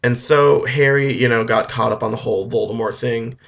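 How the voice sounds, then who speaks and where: A man retelling a film as a rambling comedy story, full of deadpan asides and fillers. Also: medium pitch, normal speed, vocal fry, muffled recording. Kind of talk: comic retelling over music. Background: faint guitar music.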